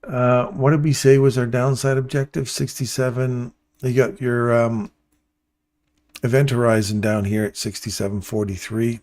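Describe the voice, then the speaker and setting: Male streamer, mid pitch, casual and playful, talks straight to his chat while he walks through charts. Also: level tone, moderate pace, a little mellow. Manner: playful, chatty, addresses viewers by name. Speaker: live trading stream host. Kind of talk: casual live commentary to chat.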